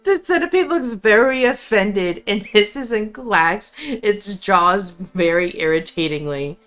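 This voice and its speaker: A woman narrating a tabletop game as game master, describing scenes calmly. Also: medium pitch, takes it slowly.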